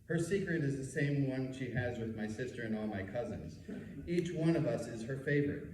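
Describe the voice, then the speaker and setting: Mellow man reading memoir in echoey room. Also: medium pitch, lively intonation, moderate pace. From New York City. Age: 50s. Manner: wry, storytelling delivery with asides. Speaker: rabbi. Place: meeting room. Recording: echoey room, mic far off.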